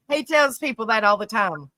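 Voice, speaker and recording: A woman's voice: fairly high pitch, bright, forceful tone, no echo. A woman hosting a casual livestream, reading viewers' comments aloud, laughing often and rambling through restarts, calling people honey and sweetie. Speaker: live stream host.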